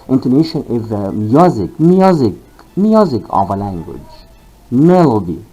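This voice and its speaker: A man leads a pronunciation lesson at a deliberate, unhurried pace, drawing out each sentence so learners can copy it. His pitch climbs and drops in wide, exaggerated arcs as he models questions and statements. Soft music plays faintly behind him. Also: husky, rough recording. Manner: slow, exaggerated rises and falls to model intonation. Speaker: linguistics teacher. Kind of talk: pronunciation lesson with repeat-after-me drills.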